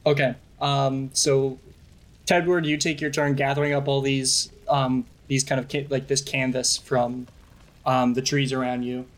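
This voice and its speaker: A man's voice: mid-range voice, level tone, a little slow. A man running a tabletop game as game master, narrating loosely with fillers.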